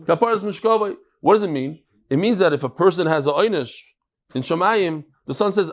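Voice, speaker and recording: Animated high-voiced man teaching Talmud. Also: fairly quick. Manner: animated, mixes Hebrew and Yiddish terms, acts out quotes. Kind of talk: lively daily Talmud class.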